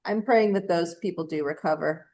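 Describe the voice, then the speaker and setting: A woman's voice: on the low side, moderate pace, darkish tone. A woman co-hosting a casual opinion chat, talking in a blunt, emphatic, indignant way. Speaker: podcast co-host.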